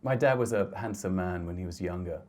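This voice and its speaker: A middle-aged man with a low, mellow voice talks through his photographs in a lecture hall. He speaks gently and thoughtfully, often stopping to restart his sentences. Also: brisk. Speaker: photographer giving a talk. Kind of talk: reflective slide talk.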